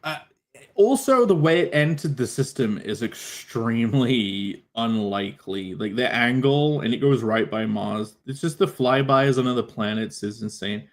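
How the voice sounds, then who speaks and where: A man's voice: mid-range voice, animated, normal speed. Male co-host, dry wry delivery, everyday mid voice. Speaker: podcast co-host. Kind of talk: casual chat.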